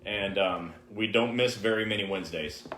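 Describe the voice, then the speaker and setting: A man's voice: on the low side, moderate pace, fairly bright tone, a little hiss or hum. A man co-hosting a live-stream Q&A, giving direct, emphatic advice to viewers. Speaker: co-host answering viewer questions. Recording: roomy, echoey live stream.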